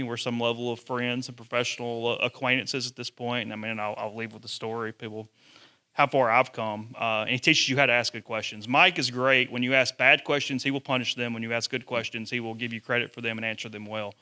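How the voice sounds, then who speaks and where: Guy in his 40s, bright voice, animated sports stories for a class. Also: mid-range voice, clear, resonant tone. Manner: animated storyteller, acts out quotes. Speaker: sports journalist and podcaster. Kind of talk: storytelling talk to students.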